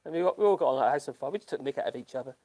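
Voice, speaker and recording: Older Norfolk man chatting haltingly. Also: mid-range voice, lively intonation, a little mellow. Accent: Norfolk English. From Norfolk, England. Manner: rambling, halting, with frequent ums and laughs. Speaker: livestream host reading chat. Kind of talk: casual chat.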